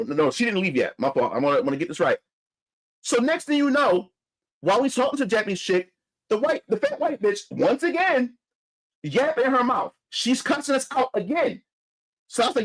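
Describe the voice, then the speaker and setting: A man's voice: high-pitched, very animated, normal speed, pauses often, low-quality recording. A man from Philadelphia telling a story in a heated, profane, repetitive rant. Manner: heated, profane, repeats himself. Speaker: vlogger.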